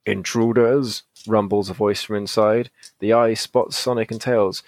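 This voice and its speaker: A man's voice: lowish voice, steady tone, normal speed. Playful British man reading a gamebook. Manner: playful, jokey. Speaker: host and game reader. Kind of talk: casual podcast chat and read-aloud narration.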